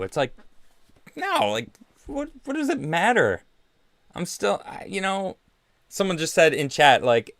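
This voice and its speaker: A man hosting a livestream talks in a sarcastic, defensive way, laughing often. His voice sits fairly high for a man and swings widely in pitch. The sound is dry and close, with little room around it. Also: big pitch swings, unhurried, pauses often, fairly bright tone, dry recording. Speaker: show host. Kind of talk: casual solo livestream talk. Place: vacation home.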